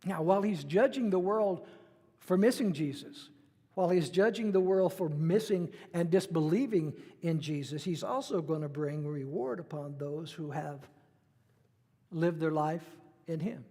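A man's voice: fairly high pitch, a little slow, warm tone, long reverb tail. A middle-aged man preaching a sermon in a conversational way, acting out the voices he quotes. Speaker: pastor.

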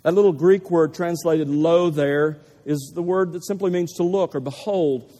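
A man's voice: a little high, moderate pace, warm tone. A man preaching a sermon to a gathering, speaking emphatically and leaning hard on repeated key phrases. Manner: emphatic, building to stressed repetitions. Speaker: pastor. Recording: long reverb of a large hall.

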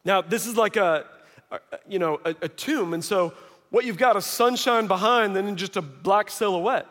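A man preaching a sermon, retelling scripture as lively storytelling and acting out the quoted voices. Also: sits high, moderate pace. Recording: long hall reverb.

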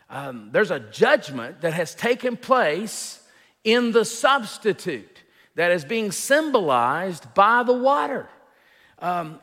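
A man preaching an expository sermon as a pastor, teaching in an unhurried way with fillers and restarts and rising emphasis on key points. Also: a little high, fairly bright tone, in a large hall.

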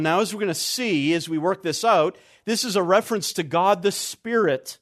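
A man preaching an expository sermon, stressing key words deliberately and letting his voice drop low and quiet at the ends of phrases.

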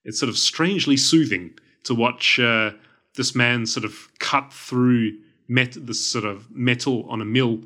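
An Australian man co-hosting a relaxed podcast, his voice bright and a little tense. He wanders through his thoughts in easygoing chat, often poking fun at himself. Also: mid-range voice, unhurried. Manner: meandering, self-deprecating talk. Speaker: podcast co-host. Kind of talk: casual chat.

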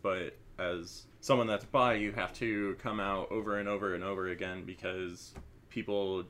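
A man with a very low voice joins a podcast chat as co-host. He speaks earnestly and conversationally, building on what the others have said. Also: fairly even intonation, normal speed, fairly bright tone.

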